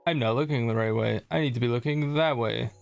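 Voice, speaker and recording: A man's voice: mid-range voice, a little fast, gravelly. A young man casually commenting on his gameplay as a streamer, chatting and joking with viewers. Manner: chatty, jokey, reads chat aloud.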